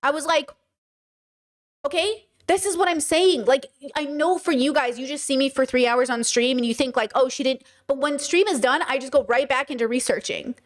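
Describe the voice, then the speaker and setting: A young adult woman streaming, reading chat aloud and answering it emphatically, with her voice climbing into loud, passionate stretches. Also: high-pitched, brisk, few pauses. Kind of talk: livestream commentary.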